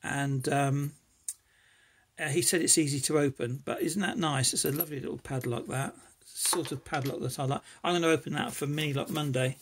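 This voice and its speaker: Gravelly man, eager unboxing chat. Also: on the high side, steady tone, normal speed, slight background noise. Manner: enthusiastic, rambling, grateful. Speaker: lockpicking hobbyist vlogger.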